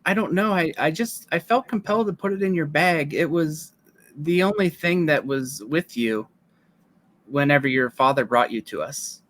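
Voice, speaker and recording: Man playing a grieving mother, halting speech, slightly high voice, tabletop game. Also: a bit bright, lightly acted. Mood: gentle. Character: grieving mother, middle-aged woman, gentle.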